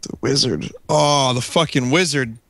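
A man's voice: mid-range voice, unhurried, a bit bright, no echo. A man co-hosting a casual podcast, laid-back and hesitant while guessing, swearing casually.

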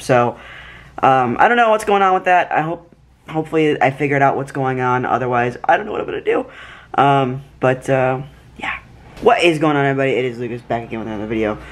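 A tired young man vlogging casually at home at night, rambling with lots of fillers and restarts. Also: mid-range voice. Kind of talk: casual chat to camera.

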